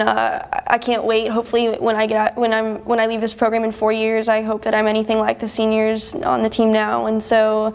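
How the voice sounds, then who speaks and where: A woman's voice: on the high side, clear, resonant tone. A young woman from Texas, a first-year college soccer player, answering interview questions in an earnest, modest way with long rambling sentences. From Houston, Texas, USA. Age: young adult. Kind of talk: post-game sports interview.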